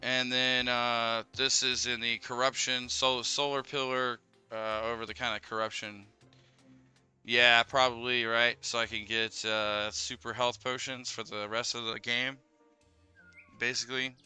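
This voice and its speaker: A man streaming a video game, talking through it casually and swinging into high, panicked yelps and swearing. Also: little pitch movement, measured pace, smooth. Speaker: gaming streamer. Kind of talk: live game commentary. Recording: game music loud behind voice. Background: game music.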